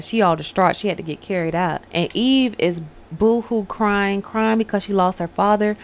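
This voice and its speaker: Chatty woman telling a film story. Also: lowish voice. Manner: chatty storytelling, talks straight to viewers; acts out characters' lines. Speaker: online host recapping a film. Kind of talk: casual spoken movie recap.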